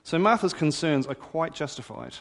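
A man's voice: on the high side, expressive, moderate pace, gravelly, fairly bright tone. A man preaching a sermon in a conversational, wry storytelling manner. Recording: hall reverb.

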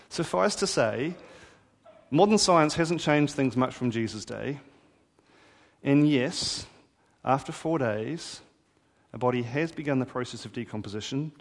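A man's voice: mid-range voice, vocal fry. A man preaching a sermon in a conversational, wry storytelling manner. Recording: hall reverb.

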